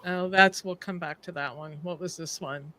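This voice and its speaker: A woman's voice: on the low side, steady tone, moderate pace, sharp tone, no room sound. A host leading a casual panel chat, chatty and laughing as she goes through clips.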